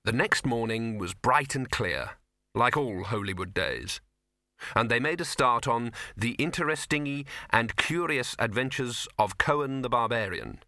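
Male narrator, bright, dry close sound, wry storybook reading. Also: mid-range voice, animated, measured pace, no room sound. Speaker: audiobook narrator. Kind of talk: scripted narration.

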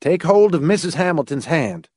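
A cool-headed grown man barking short, flat orders, put on by a male narrator. The voice sits a bit higher than the reader's own and sounds slightly altered in timbre. It comes across dry and close. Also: normal speed, husky, no room sound. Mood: curt. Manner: dispassionate, curt orders. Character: calm, commanding grown man.

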